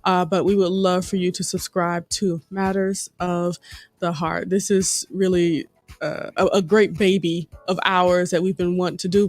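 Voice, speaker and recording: A woman's voice: lowish voice, darkish tone, no room sound. Woman, podcast co-host, casual chat, frequent ums, dry close sound. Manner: chatty, laughs easily, many fillers. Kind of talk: casual conversation.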